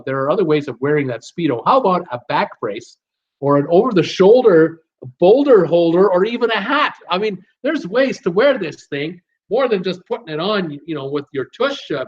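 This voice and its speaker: A man hosting a casual live stream, reading out viewer names and comments and joking along with them. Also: on the high side. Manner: chatty, reads out viewer names and comments, jokes around. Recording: dull lo-fi stream audio.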